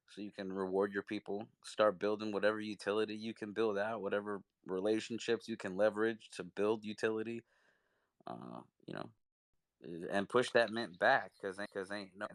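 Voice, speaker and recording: A man's voice: fairly low pitch, moderate pace, no room sound. A man chatting casually in an online audio room, joking and swearing in loose slang. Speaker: speaker in a crypto audio chat. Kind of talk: casual chat.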